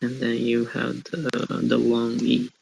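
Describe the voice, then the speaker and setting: Hesitant, gravelly-voiced male student. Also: medium pitch, monotone, slow, a little mellow, poor audio. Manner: hesitant, sounds out words. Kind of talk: reading aloud in class.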